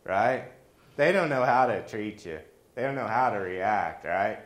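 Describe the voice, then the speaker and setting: A male pastor delivers a sermon as a string of lively personal stories, tossing in jokey asides. His voice sits on the low side. The sound carries a noticeable room echo. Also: measured pace. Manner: animated, jokey asides, acts out quoted voices. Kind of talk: storytelling sermon.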